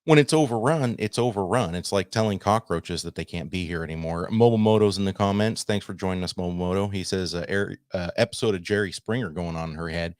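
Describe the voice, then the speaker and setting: A man's voice: deep voice, fast, hardly any pauses, a little mellow, no room sound, clean studio sound. A man hosting a casual talk show, wry and laid-back, reading out viewer comments. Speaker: podcast host.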